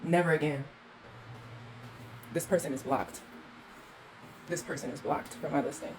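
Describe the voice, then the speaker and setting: A woman's voice: sits low, unhurried, darkish tone, slight background noise. A woman hosting a walkthrough vlog, exasperated and ranting as she films indoors in a condo on a handheld phone. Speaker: host.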